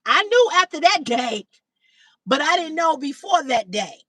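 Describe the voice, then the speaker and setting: Middle-aged woman on a livestream telling a story to chat, high voice, cusses a lot, dry sound a bit off mic. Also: measured pace, dry recording, far from the mic, low-quality recording. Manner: animated, acts out quoted dialogue in a higher voice; swears freely. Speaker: livestream host. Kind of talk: casual storytelling to live chat.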